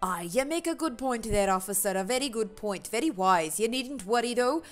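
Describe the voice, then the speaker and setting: A woman voicing a gruff, jovial tavern keeper man in a put-on old sailor brogue, with rough, drawled speech. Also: on the high side, animated, moderate pace, lightly acted. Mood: hearty. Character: gruff pirate-ish tavern keeper man, hearty and boastful.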